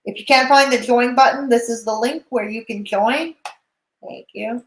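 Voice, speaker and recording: A woman's voice: on the high side, wildly swooping pitch, a little slow, reverberant, noisy background. A woman hosting a livestream, chatting sarcastically with her co-host and viewers. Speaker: streamer host. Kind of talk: casual livestream chat.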